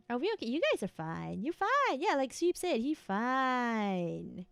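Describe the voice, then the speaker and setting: Young woman streamer, playful and giggly, teasing in a mock-sinister persona; higher voice, very lively melody, dry close-mic sound. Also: takes it slowly, gravelly, no room sound. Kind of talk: casual live-stream chat with chat.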